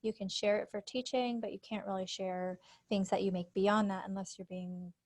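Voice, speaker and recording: Mid-range and fairly even in intonation, this woman talks at a normal speed. A speech-language pathologist in her forties, she leads teachers through teaching activities in a screen-share conference presentation over a computer call, friendly and explanatory, often using fillers.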